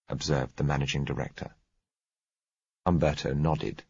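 A man narrating a novel in a measured, even storytelling manner, in a dull lo-fi recording. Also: a bass voice, breathy edge, no room sound. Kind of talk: audiobook narration.

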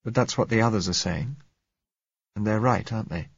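A man reading a quiet, earnest girl under twenty, who speaks softly and a little unsteadily, pleading. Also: lowish voice, fairly quick, vocal fry, breathy edge, dry recording, highs cut off, pitched above the performer's own voice.

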